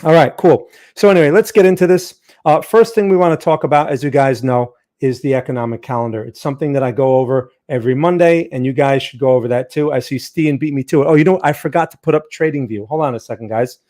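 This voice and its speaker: A man's voice: mid-range voice, fast, few pauses, warm tone. A man hosting a live trading stream, chatting casually, greeting viewers by name, with frequent fillers and restarts.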